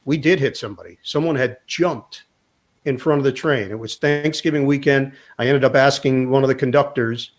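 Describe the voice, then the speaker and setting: A sportscaster guest, male and medium-pitched, speaks at a moderate pace while recounting a long anecdote in a casual conversation. He acts out the quoted dialogue in a spirited, storytelling manner.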